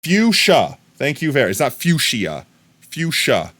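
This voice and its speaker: A man's voice: mid-range voice, wildly swooping pitch, measured pace, sharp tone. A man live-streaming a game, chatting casually and goofily riffing on silly words as he plays.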